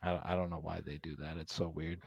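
A man's voice: very deep voice, level tone, creaky, darkish tone, husky, no room sound, highs cut off. A man co-hosting a football podcast in casual chat, emphatic and opinionated. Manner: emphatic and opinionated, quick to laugh. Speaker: podcast producer and co-host.

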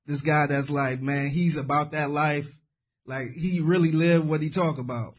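Slightly high-voiced man posing questions. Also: steady tone. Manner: halting, repeats words while framing questions. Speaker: podcast co-host. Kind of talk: casual chat.

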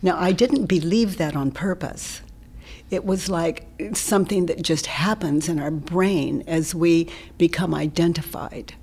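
Breathy, lower-voiced woman guest; gentle, reflective, frequent near-whispers. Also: measured pace. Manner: gentle, often dropping into a soft whisper. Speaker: interview guest, self-inquiry teacher. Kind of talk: reflective conversational explanation.

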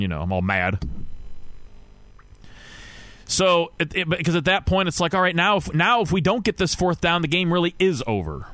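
A man's voice: a little high, fairly bright tone, no echo. A man hosting a podcast, ranting casually and with frustration about his football team, rambling and restarting his sentences often. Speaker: podcast host. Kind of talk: casual sports rant.

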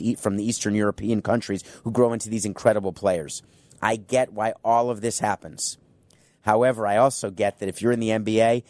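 A man's voice: medium pitch, darkish tone, no echo. Emphatic sarcastic man, dry close sound. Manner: emphatic, sarcastic, addresses absent people directly. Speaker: sports commentator. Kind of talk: opinionated monologue.

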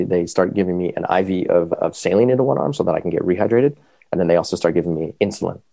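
Male podcast guest, deep rough voice, rapid casual storytelling, dry close sound. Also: no echo. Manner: animated, quick, full of fillers.

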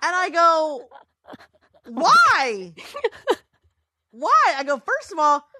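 A tired woman telling a story in casual chat, acting out quotes with big swings in her voice. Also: normal speed. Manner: animated, acts out quotes with pitch swings.

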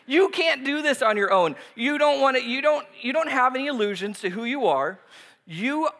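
A man's voice: extremely high pitch, expressive, moderate pace, bright, forceful tone. A man in his thirties preaching a casual, humorous sermon, joking at his own expense and laughing often between points. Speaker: pastor.

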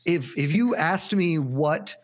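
A man on a sports podcast panel, chatting casually and rambling through long, animated tangents, with some swearing. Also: on the high side, slow pace. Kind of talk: casual chat.

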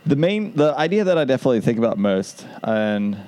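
A man's voice: medium pitch, sing-song, brisk, a little mellow. A man co-hosting a casual podcast, rambling through his ideas and laughing at them. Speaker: podcast co-host.

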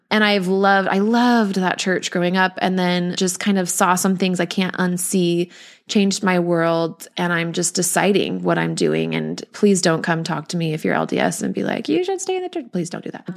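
A woman in her thirties hosting a podcast, sharing personal struggles in a candid, rambling way. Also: fairly low pitch. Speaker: podcast host.

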